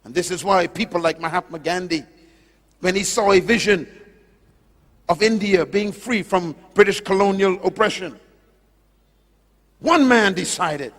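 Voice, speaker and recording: A man preaching a sermon, emphatic and impassioned, questioning his listeners directly and drawing out key words slowly. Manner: impassioned, emphatic, swings from loud declarations to low slow drawn-out words. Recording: long hall reverb.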